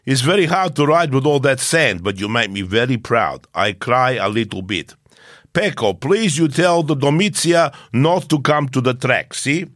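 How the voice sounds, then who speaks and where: A man's voice: mid-range voice, animated, moderate pace, a bit bright, dry recording, studio quality. A man doing a comic impression of a scheming older Italian racing team boss, with a put-on Italian accent and broken English.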